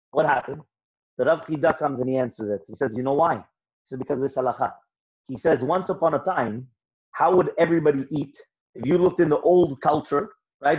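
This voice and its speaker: Rabbi teaching Jewish law, lo-fi. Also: male voice, a little high, slightly rough. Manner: explains with rhetorical questions and frequent "right?"; quotes Hebrew texts then translates. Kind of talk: Torah class lecture. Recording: dull lo-fi recording.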